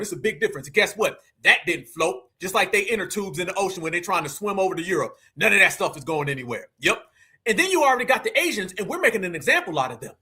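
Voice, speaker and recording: With a high, bright, strained voice carrying a breathy edge, a U.S. man runs a livestream and comments emphatically. He repeats himself, lectures his audience directly, and keeps calling them "fam."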